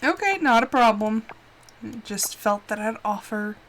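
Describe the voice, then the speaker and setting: With a slightly high, animated voice at a measured pace, a woman game streamer has a casual, open chat with her viewers. She speaks to them directly, heartfelt and reassuring.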